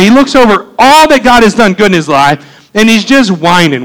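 A middle-aged man preaching a sermon as pastor, animated and conversational, with frequent asides. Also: high voice, normal speed, rough recording.

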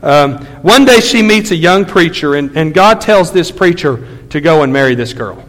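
Guy pastor preaching a story sermon, kinda high voice, rambly with lots of ums, big echoey church. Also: lively intonation, moderate pace, a bit bright. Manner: conversational, many fillers and restarts.

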